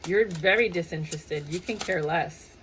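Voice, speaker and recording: A woman giving a lively, casual tarot reading, playful and chatty, slipping into quick impressions of the people she describes. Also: lowish voice, a little hiss or hum, rough recording. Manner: animated, playful, sings and mimics clients' voices. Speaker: tarot reader.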